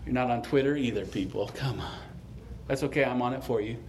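A man's voice: medium pitch, brisk, slight background noise. A male pastor preaching a sermon, conversational and then passionately exhorting the congregation, ending in prayer.

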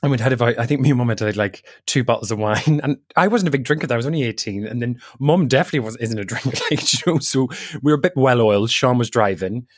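An Irish man, a podcast co-host, telling an animated personal story, acting out what others said and laughing as he goes. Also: mid-range voice, quick pace, hardly any pauses. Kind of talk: casual chat, personal storytelling.

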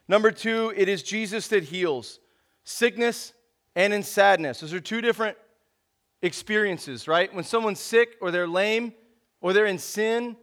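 A man's voice: high-pitched, a bit bright. Casual, slangy young male preacher. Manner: casual preacher slang, says man and bro. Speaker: pastor. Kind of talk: sermon.

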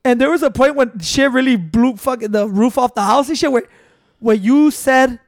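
High-voiced man, animated storyteller. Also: moderate pace, dry recording, clean studio sound. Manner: animated, swearing, mixing Spanish words. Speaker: podcast host. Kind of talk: casual podcast chat.

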